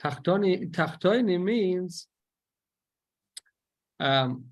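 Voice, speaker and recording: A man's voice: high-pitched, expressive, very slow. A man teaching a class, explaining a religious text and posing questions and then answering them himself, with frequent restarts.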